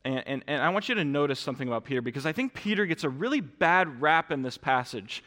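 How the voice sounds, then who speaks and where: Man, pastor, sermon, high bright voice, earnest restarts, long church-hall reverb. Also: animated, fast talker. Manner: earnest, direct address with frequent restarts. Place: church sanctuary.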